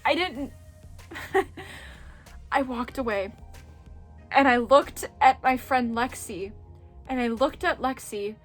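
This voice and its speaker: A young adult woman vlogger telling a story in casual chat, animated and chatty, swearing freely and acting out what people said. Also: high-pitched, slow, pauses often, faint music behind.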